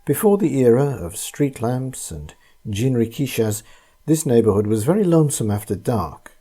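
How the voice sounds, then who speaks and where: A man reading a ghost story aloud in a calm, measured scripted narration. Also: mid-range voice, husky.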